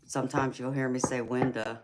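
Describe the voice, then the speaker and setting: A woman's voice: a bass voice, fairly even intonation, normal speed, heavy background noise. A woman in her forties from California with a Georgia Southern accent, chatting casually with viewers on a live stream, laughing often and calling them honey and girlfriend. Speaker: livestream tarot reader.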